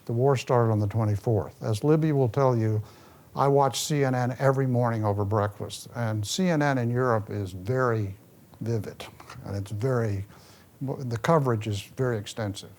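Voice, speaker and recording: A man, a former ambassador, giving a public talk and answering questions, with lively storytelling and a restless manner. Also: mid-range voice, normal speed. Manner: animated storytelling, restless, moves around.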